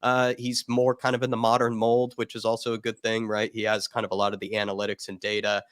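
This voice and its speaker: Male co-host, lowish voice, dry close sound, rambling and full of fillers. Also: completely flat delivery, fast talker, a bit bright, dry recording. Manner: hedging, full of fillers like sort of and kind of. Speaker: co-host panelist. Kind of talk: casual live-stream chat.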